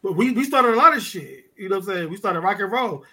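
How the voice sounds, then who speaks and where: A man from Detroit with a high voice tells a story on a podcast in loose, profane street talk. He acts out every exchange, and his tone swings from loud to low. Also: animated, fast. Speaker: podcast guest, underwater photographer. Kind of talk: casual storytelling chat.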